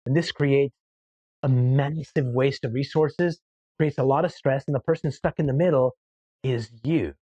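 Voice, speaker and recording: A man speaking as a guest coach in a podcast interview, telling stories in an animated way and acting out what people say. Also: mid-range voice, moderate pace, slightly rough, dry recording, dull audio. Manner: animated storyteller who acts out quoted voices. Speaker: guest, behavior-change coach.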